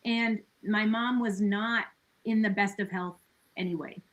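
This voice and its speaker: A woman's voice: mid-range voice, steady tone, measured pace, low-quality recording. A woman talking as a podcast guest in a casual conversation. She is earnest and reflective, with many "like" and "you know" fillers and laughs between her thoughts.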